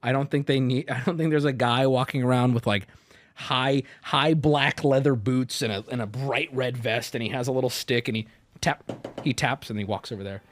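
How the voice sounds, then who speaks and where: A man streaming, riffing in casual commentary with crude jokes, lurching between loud rants and low mutters. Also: moderate pace.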